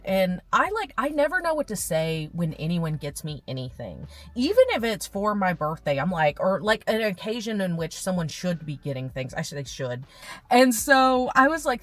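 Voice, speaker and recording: A woman's voice: on the low side, very animated, moderate pace, fairly bright tone. Emotional young woman rambling in a car. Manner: rambling, gushing, with many fillers. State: emotional and touched. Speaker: vlogger. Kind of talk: casual chat. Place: parked car.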